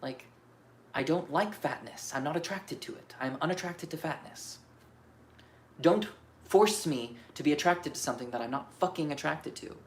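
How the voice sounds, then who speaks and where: A man's voice: a little high, moderate pace. Guy ranting on his astrology vlog, lots of swearing, rambly and self-questioning, faint background hum. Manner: frank, profane venting. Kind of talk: unscripted astrology vlog monologue.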